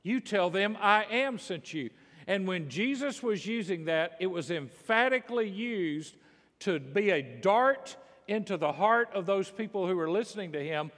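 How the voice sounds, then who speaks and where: A man's voice: high voice, lively intonation, a little slow, fairly bright tone, big-room sound. A middle-aged male pastor preaching a sermon emphatically, with quips and asides.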